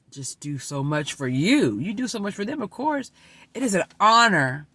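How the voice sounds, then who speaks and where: A woman in her forties tells a heartfelt personal story to her vlog audience. Her voice is bright and forceful, and she swings from bursts of excitement to moments close to tears. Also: mid-range voice, normal speed, breathy edge, no room sound. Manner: expressive, swings between excited and tearful. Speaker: vlogger.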